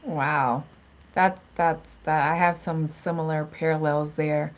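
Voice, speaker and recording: A woman's voice: deep voice, fairly even intonation, takes it slowly. A woman hosting an interview podcast, encouraging and responsive, with lots of affirmations. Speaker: podcast host. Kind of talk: casual interview chat. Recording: dull lo-fi audio.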